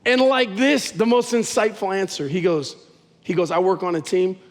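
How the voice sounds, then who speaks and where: High-voiced pastor preaching in a hall. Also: male voice, moderate pace. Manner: conversational, animated storytelling. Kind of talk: sermon.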